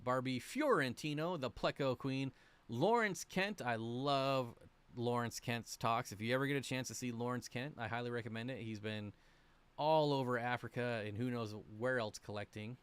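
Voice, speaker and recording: A man's voice: medium pitch, normal speed, a bit bright, clean tone. A man hosting a casual livestream about aquarium fish, reading viewer comments aloud in a chatty, rambling, self-deprecating way. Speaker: aquarium channel host.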